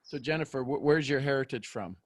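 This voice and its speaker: A man's voice: medium pitch, brisk, no echo. Man, life coach, encouraging, repeats himself, dry close sound. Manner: emphatic, encouraging, repeats phrases. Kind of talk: live coaching session.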